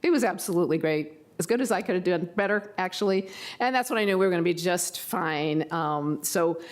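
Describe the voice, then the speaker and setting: A woman's voice: lowish voice, a little fast. Rambling, chatty older woman at a public meeting. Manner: rambling, chatty, self-deprecating, with animated quoted asides. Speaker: county board member. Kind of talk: informal tribute speech.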